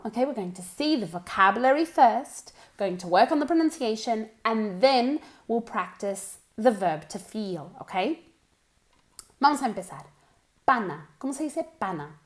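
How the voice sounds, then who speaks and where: Upbeat woman teaching English pronunciation. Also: on the high side. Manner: encouraging, drills pronunciation slowly and repeats words. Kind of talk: bilingual English lesson.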